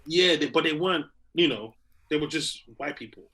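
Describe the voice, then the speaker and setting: A young comedian co-hosting a podcast, telling animated stories and acting out little scenes as he talks. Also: on the high side, normal speed, poor audio. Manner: animated storyteller, acts out little scenes, laughs readily. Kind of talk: casual chat.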